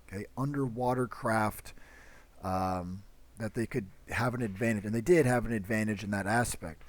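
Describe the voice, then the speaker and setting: A man's voice: medium pitch, darkish tone, dry recording. A man teaching a history lesson in a loose, conversational way, full of fillers and little acted-out quotes. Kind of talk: casual classroom lecture.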